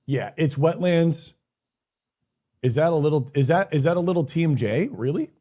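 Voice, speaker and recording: A man's voice: on the high side, expressive, normal speed, mellow. Hyped young man streaming a game. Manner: hyped, greets chat by name, swears casually. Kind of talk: casual live-stream chat.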